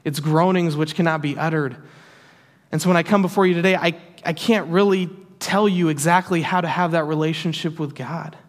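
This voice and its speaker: Male preacher, emphatic sermon, earnest, repeats phrases, higher voice, church hall echo. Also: fairly even intonation, fairly quick. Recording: long hall reverb.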